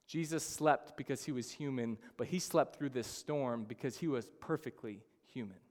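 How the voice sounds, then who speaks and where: A man's voice: fairly high pitch, fairly even intonation, moderate pace, few pauses. A man preaching a sermon, reading scripture with earnest drama and acting out frightened voices. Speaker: pastor. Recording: long hall reverb.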